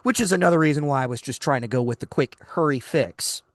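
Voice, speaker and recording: A man's voice: medium pitch, fast, no echo. An exasperated man co-hosts a radio talk show from a studio microphone, spinning a story and jumping into the voices of the people in it. His voice sits in a middling range and sounds close and dry, with no room around it. He trips over his words and restarts as he goes. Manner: exasperated storyteller acting out dialogue, frequent restarts. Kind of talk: casual chat, storytelling.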